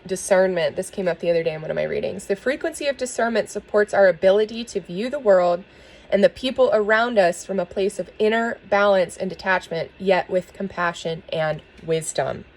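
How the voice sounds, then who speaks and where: A woman giving a spiritual tarot reading and talking earnestly to her viewers, soft and emotional, with small laughs. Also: mid-range voice, brisk, low-quality recording. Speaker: tarot reader.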